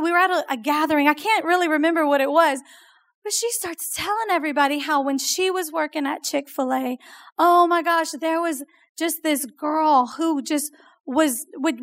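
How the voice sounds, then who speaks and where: A woman preaching a sermon to a youth group, telling stories in a chatty, animated way. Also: very high voice. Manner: animated storytelling, chatty with "like" and "oh my gosh".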